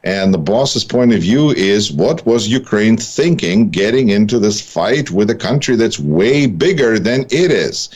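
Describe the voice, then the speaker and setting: Man, political commentator, co-host, low voice, halting, lots of uh and um, wry asides. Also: a little mellow. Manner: halting, many fillers and restarts, wry. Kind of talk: analytical commentary.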